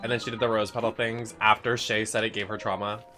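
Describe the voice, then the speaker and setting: A man's voice: lowish voice, little pitch movement, fast, bright, forceful tone, faint music behind. A man streaming a video game, chatting with campy, dramatic outbursts and frequent laughter. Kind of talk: livestream gameplay commentary.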